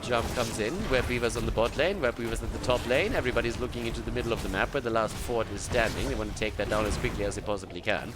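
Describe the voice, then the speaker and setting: A man casting a video game match by himself, excited at big plays and calm between them. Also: lowish voice, fast, hardly any pauses, music in the background. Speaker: esports caster. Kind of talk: solo play-by-play commentary.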